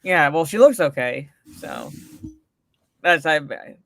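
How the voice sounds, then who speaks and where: A woman's voice: deep voice, animated, slow pace, vocal fry, a bit bright, no room sound, studio quality. A woman co-hosting a casual livestream and reading out chat messages, talking in a rambling way with many fillers and restarts. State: recovering from a migraine. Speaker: co-host reading live chat.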